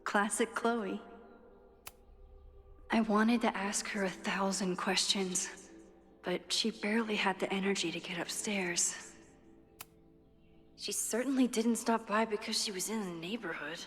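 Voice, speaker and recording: Max, a woman voicing a soft introspective young woman. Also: medium pitch, a little slow, long pauses, natural voice. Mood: gentle. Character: young woman, thoughtful and reflective photographer. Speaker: game protagonist. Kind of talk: video game voice acting with inner narration. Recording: game audio with long reverb and music.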